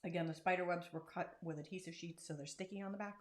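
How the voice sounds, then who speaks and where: A woman's voice: on the low side, steady tone, fast. Chatty woman demonstrating crafts. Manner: chatty and self-deprecating, talks while working. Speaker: craft channel host. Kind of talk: casual crafting tutorial.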